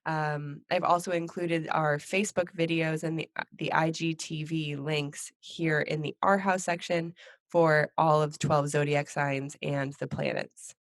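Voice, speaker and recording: Low-voiced woman host, dry sound. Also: fairly even intonation, measured pace, no room sound. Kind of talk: casual live video chat.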